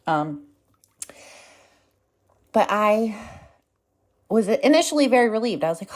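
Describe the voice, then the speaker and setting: A woman's voice: mid-range voice, sing-song, measured pace, pauses often, a little mellow. A woman hosting her own podcast, talking candidly and swearing freely as she tells a story in a casual monologue, still getting over a cold. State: recovering from a cold, coughing. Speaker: podcast host.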